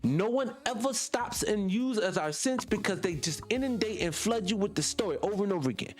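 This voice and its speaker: A man with a Southern US accent hosting a radio show, talking off the cuff in an animated, preachy way, firing rhetorical questions and swearing casually. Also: high-pitched, a little fast, soft background music. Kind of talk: off-the-cuff monologue.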